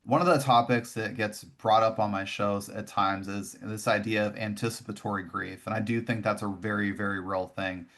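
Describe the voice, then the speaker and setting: A man's voice: on the low side, steady tone, normal speed, hardly any pauses, fairly bright tone. A man hosting a podcast interview, asking thoughtful questions and affirming his guest. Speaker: podcast host.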